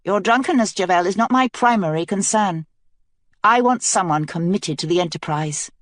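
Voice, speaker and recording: Reading a resolute young queen for an audiobook, a woman delivers her lines with earnest authority. Her voice is medium in pitch and moderate in pace, near her everyday speaking voice, captured in an echo-free studio recording.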